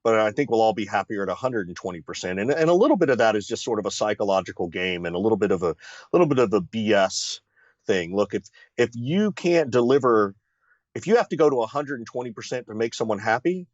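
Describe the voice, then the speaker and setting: A man's voice: lowish voice, animated, fast, dry recording. Teacherly man on a dull, dry line. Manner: confident, teacherly, with many fillers and rhetorical "right?". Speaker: sales consultant, guest. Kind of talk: interview, explaining ideas. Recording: slightly dull, lo-fi sound.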